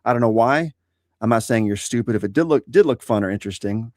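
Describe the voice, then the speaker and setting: A man co-hosting a live-streamed podcast, giving laid-back, measured opinions in casual chat. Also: mid-range voice, a little mellow, dry recording, clean studio sound. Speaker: podcast co-host.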